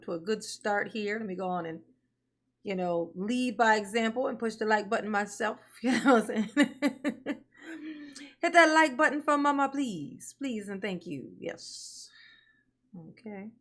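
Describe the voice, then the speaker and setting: A woman's voice: mid-range voice, a little slow. A woman hosting a casual livestream, greeting her viewers by name, laughing often and calling them honey and baby. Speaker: livestream commentary host.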